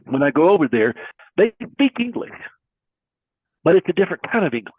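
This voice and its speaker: Middle-aged male guest, earnest and preacherly, slightly high husky voice, dry phone-quality audio. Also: big pitch swings, a little fast, no echo. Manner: earnest, preacherly, uses folksy metaphors. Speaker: guest caregiver advocate. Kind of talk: conversational interview. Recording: husky voice over a thin phone-like line.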